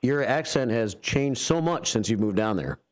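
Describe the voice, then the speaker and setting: A man's voice: medium pitch, lively intonation, normal speed. Dry-humored male radio host. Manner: dry, self-mocking banter. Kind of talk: casual radio chat. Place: radio studio. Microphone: studio microphone.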